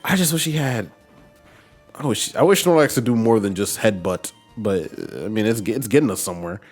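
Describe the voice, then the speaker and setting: A man's voice: lowish voice, expressive, normal speed, darkish tone, husky, soft background music. A man streaming a game, chatting casually as he plays and talking to his team and viewers. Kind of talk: casual gameplay commentary.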